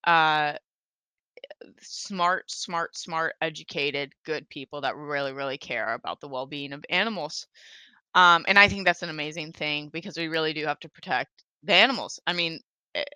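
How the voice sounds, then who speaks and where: A woman's voice: deep voice, normal speed, pushed and bright, clear, resonant tone, no room sound. A young woman hosting a casual solo podcast, rambling and swearing a lot. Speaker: podcast host.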